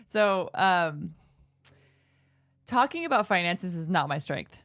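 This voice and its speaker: A woman's voice: fairly low pitch, very animated, slow pace, a bit bright, no room sound. A woman co-presenting a business workshop, earnestly telling her own story and encouraging listeners. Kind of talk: motivational business talk.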